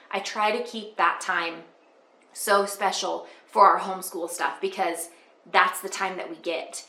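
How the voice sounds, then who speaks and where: A middle-aged homeschool mom chats earnestly to her viewers, her voice bright and clear. She speaks casually, with fillers and warm faith in her words. The room around her sounds echoey. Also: mid-range voice. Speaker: homeschool mom and channel host. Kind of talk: casual talk to camera.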